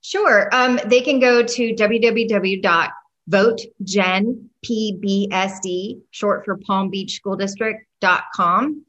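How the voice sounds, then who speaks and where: A woman's voice: medium pitch, slow pace, a bit bright, rough recording. A woman appearing as a guest on a talk radio show, agreeing eagerly and speaking about her campaign. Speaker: school board candidate guest.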